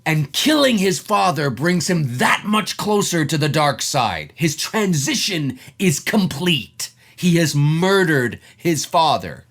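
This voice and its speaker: A man's voice: fairly high pitch, sing-song, slow pace, hardly any pauses, a bit bright. A man giving an emphatic, profane opinion vlog about a film scene, acting out quoted lines as he goes. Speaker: film commentator.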